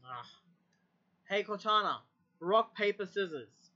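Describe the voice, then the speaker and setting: Here a user tests a voice assistant, casually giving it commands over and over and cursing under their breath. The mid-range voice is animated and sharp in tone, and it goes at a slow pace. The speaker is far from the mic on a dull, lo-fi recording.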